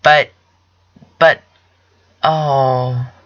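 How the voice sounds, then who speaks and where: Excitable rambling young man, lo-fi. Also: mid-range voice, very slow. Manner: rambling, excitable, self-correcting. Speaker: podcast host. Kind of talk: casual solo chat about TV shows.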